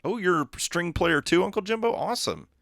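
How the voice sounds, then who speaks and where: A man's voice: sits high, lively intonation, brisk, vocal fry, a bit bright, no room sound, studio quality. A man with a Southern Texas accent, chatting casually on a gaming livestream, rambling and reading viewer chat aloud. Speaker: streamer.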